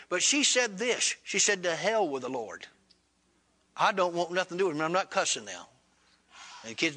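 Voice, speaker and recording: A man preaching a sermon, telling a story and acting out the dialogue in an animated, colloquial way. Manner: animated, acts out dialogue with rising pitch. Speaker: pastor.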